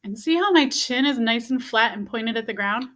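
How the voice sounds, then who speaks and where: A woman's voice: on the high side, animated, moderate pace, a bit bright. A woman teaching a beginner music lesson, patiently repeating each step and checking in with "okay?". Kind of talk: instructional video lesson.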